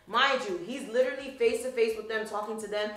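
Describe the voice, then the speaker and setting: A woman's voice: on the high side, fairly quick, fairly bright tone, roomy sound, a little hiss or hum, low-quality recording. A young woman vlogger telling a dating story in a casual, sassy way, swearing freely. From Haitian background.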